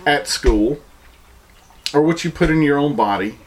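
A man's voice: a little high, animated, measured pace. A man with a Southern American accent, delivering an opinion monologue full of rhetorical questions and mocking imitations.

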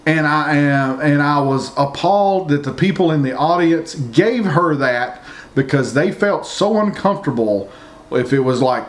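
A man's voice: fairly high pitch, expressive, unhurried. A man ranting indignantly to his viewers, repeating himself and rambling as he goes. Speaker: vlogger. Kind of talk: opinion rant to viewers.

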